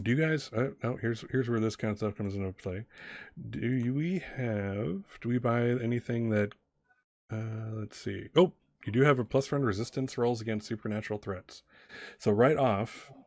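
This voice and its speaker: Low-voiced man running a tabletop game. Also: a little mellow, dry recording. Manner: halting, many fillers and restarts. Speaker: game master.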